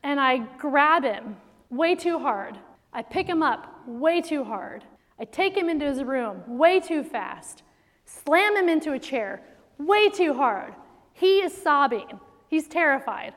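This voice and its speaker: A middle-aged woman speaking to an audience of mothers in a faith-based talk, telling stories in an animated way and laughing often. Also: sits high, takes it slowly. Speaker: speaker to moms. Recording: long hall reverb.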